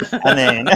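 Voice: medium pitch, a bit bright. A podcast co-host recapping a story in casual chat, laughing and acting out each character.

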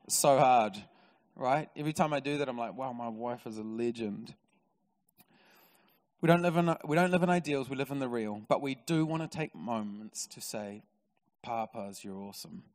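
A man with a New Zealand accent preaching a sermon in a church, an animated storyteller who swings from loud excitement to quiet, intimate moments. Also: medium pitch, a little fast. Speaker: pastor. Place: large church hall. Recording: reverberant church hall.

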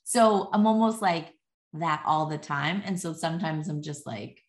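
A middle-aged woman talks as a podcast guest in a loose, chatty way, full of fillers and small laughs. Her voice sits slightly low. The recording has a noticeable room echo. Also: moderate pace. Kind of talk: casual conversation. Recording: echoey room.

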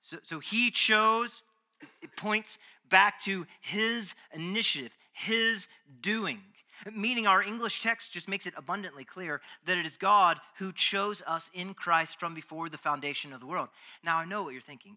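A male pastor delivering a sermon in a very bright, ringing voice pitched a little high. He preaches emphatically, dropping to near-whispers and then building to loud, fervent stretches. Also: measured pace. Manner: emphatic, swings from hushed to loud.

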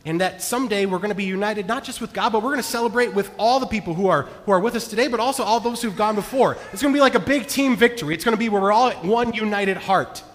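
A man preaching a sermon as pastor, earnest, moving between hushed and emphatic delivery. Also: high-pitched, fast, few pauses. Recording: long reverb of a large hall.

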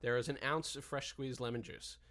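A man's voice: mid-range voice, fairly even intonation, a little fast, a bit bright. A man co-hosting a podcast, walking through a drink recipe in casual chat with many hesitant fillers. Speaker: podcast co-host, cocktail maker.

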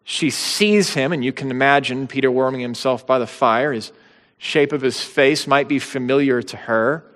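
A man's voice: mid-range voice, normal speed, a bit bright. A man preaching a sermon, conversational teaching with bursts of dramatic quotation. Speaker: pastor. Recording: long hall reverb.

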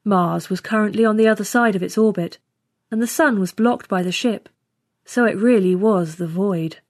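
A woman narrating a first-person science fiction story in steady, scripted storytelling. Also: medium pitch, normal speed, no echo, clean studio sound. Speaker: story reader.

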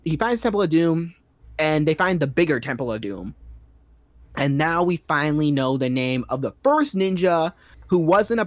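A man's voice: fairly high pitch, no room sound. A man giving a rambling, sarcastic recap of a movie's plot in a casual comedic style, full of fillers.

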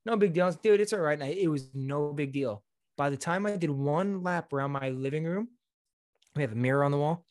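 Brisk and fairly high-pitched, this young man co-hosts a podcast in a dry, studio-quality recording. His storytelling is casual and animated, full of swearing, and he acts out people's quotes.

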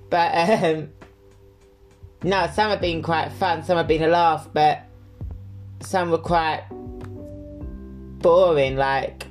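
A man's voice: a little high, steady tone, slow pace, long pauses, faint music behind. A man hosting a podcast, answering listener questions in casual solo chat, candid and chatty with frequent fillers. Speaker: podcast host.

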